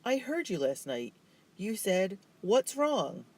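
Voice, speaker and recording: A man's voice: high voice, big pitch swings, slow, darkish tone, pitched above the performer's own voice, exaggerated voice. A man reading aloud voices a bossy, stubborn older sister who talks sharply and insistently. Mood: exasperated.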